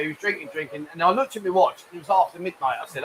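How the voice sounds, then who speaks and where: A man's voice: high voice, fast talker, few pauses, sharp tone, a little hiss or hum, poor audio. A man hosting a live stream from a bar lounge, chatting casually, reading viewer comments aloud and cracking cheeky jokes. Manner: cheeky, rambling, jokey. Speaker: live-stream show host.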